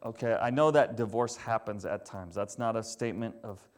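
A man preaching a sermon in a conversational, animated way. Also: lowish voice, moderate pace. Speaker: pastor.

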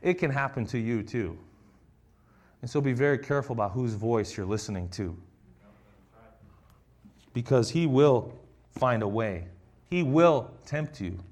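A man's voice: mid-range voice, lively intonation, a little slow, pauses often, darkish tone. A man preaching a conversational sermon, reading scripture and acting out the quoted lines.

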